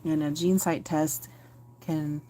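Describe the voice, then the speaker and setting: A woman's low, dark voice barely shifts in pitch and moves a little slowly, with slight background noise behind it. As a vlogger talking candidly to camera about herself, she rambles reflectively, filling pauses and correcting herself often.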